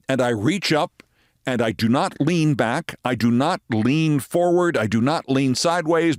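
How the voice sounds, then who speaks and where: A man's voice: medium pitch, no room sound, studio quality. A man in his sixties, a show host, telling a personal story as a monologue with dramatic, emphatic delivery. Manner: dramatic, emphatic storytelling with sudden loud bursts.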